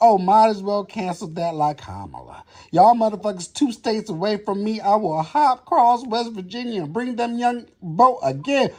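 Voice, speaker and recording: A man's voice: high-pitched, big pitch swings, moderate pace, few pauses, darkish tone. A man in an angry, profanity-filled rant, hurling theatrical threats and insults in a social media video.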